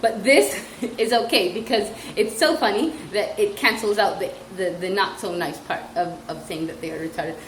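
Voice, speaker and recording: A woman's voice: medium pitch, moderate pace, few pauses. A young woman who teaches English as a second language, chatting in a casual comedic vlog, giggling and mocking as she tells classroom stories with acted-out quotes. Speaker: vlogger and ESL teacher. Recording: echoey room, faint ambient noise.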